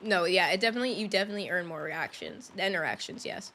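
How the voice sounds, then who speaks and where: A woman's voice: on the low side, expressive, fast talker, bright, forceful tone, slight background noise. Chatty woman streamer, laughs a lot. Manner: chatty, greets viewers, laughs often. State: recovering from a lost voice. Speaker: streamer playing a game. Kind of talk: casual live-stream chat.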